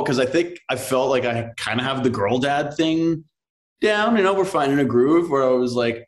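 A man in his thirties, a soap actor as an interview guest, talking in a relaxed, rambling way with many fillers and quoted asides. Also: medium pitch, normal speed. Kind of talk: casual interview chat.

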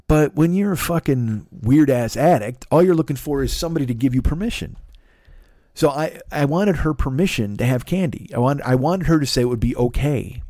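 A man's voice: medium pitch, animated, fairly quick, warm tone, dry recording. Profane, rambling man on a dry mic. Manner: profane, rambling, self-deprecating, many restarts. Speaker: podcast host. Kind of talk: confessional solo monologue.

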